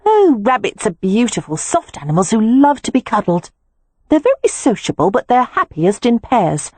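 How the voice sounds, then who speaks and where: A woman's voice: on the high side, very animated, moderate pace, a little mellow, breathy edge, dry recording, voice pushed up. A woman reading an audiobook, voicing an earnest, matter-of-fact young woman who loves animals.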